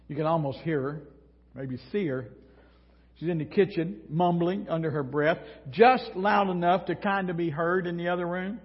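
A man's voice: on the high side, moderate pace, husky. A male pastor delivers a folksy, humorous sermon, recorded in an echoey hall with dull lo-fi sound. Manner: folksy, humorous preaching with props.

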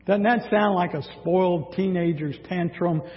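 High-voiced animated preacher in echoey hall. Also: male voice, normal speed. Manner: animated preaching, dramatic scripture reading. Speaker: pastor. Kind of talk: sermon. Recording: dull sound with long hall reverb.

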